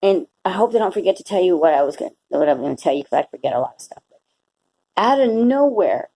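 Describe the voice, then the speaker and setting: Middle-aged woman, mellow tone, rambling heartfelt faith vlog, lots of restarts. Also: on the low side, animated, fast, low-quality recording. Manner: rambling, emotional, frequent restarts. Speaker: Christian vlogger. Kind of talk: casual personal testimony.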